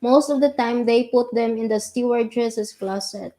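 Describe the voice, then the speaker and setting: Co-host woman reading chat comments on a vlog, mellow and a little high-pitched. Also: normal speed. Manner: reads viewer comments aloud, soft interjections. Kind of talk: casual livestream chat.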